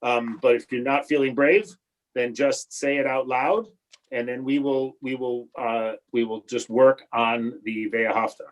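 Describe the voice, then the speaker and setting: A man, a rabbi, teaching a Hebrew prayer class over a video call, talking in a halting way with many restarts and fillers, patient and encouraging. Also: mid-range voice, fairly even intonation, low-quality recording. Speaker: rabbi teaching a bar and bat mitzvah class.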